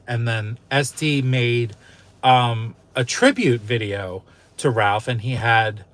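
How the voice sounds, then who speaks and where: A man's voice: medium pitch, a bit bright. A man hosting his own channel, telling a personal story in a casual, candid way, emotional and swearing freely. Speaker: YouTube channel host.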